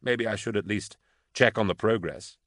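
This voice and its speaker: A man's voice: fairly low pitch, normal speed, a bit bright, dry recording, studio quality, close to an everyday voice. A man voicing a hesitant male officer who keeps offering to help, in an audiobook. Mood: tentative. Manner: tentative, persuading.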